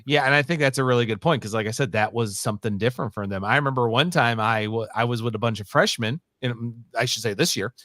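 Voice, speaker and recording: A man hosting an education podcast, telling quick stories from school and slipping into the voices of students. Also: medium pitch, a bit bright, no room sound, clean studio sound. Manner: quick storytelling with acted quotes of students. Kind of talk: casual interview talk.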